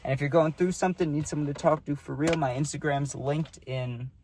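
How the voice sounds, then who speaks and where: A man's voice: on the high side, fairly even intonation, a little fast, a little mellow, slight background noise. Young man rambling through a storytime. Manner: rambling, full of fillers like "dude" and "like". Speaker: vlogger. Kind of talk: casual storytime.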